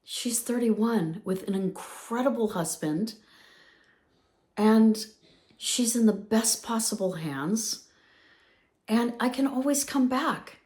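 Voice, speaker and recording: A woman's voice: a little high, expressive, slow, pauses often, a little mellow. A woman in her fifties hosting a motivational podcast, talking in an upbeat, emphatic way and repeating phrases for effect. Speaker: podcast host.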